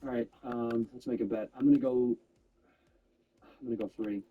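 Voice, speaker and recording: A man's voice: mid-range voice, steady tone, normal speed, phone-quality sound. A man in casual banter with a friend, teasing and joking and often laughing. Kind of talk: casual chat over gameplay.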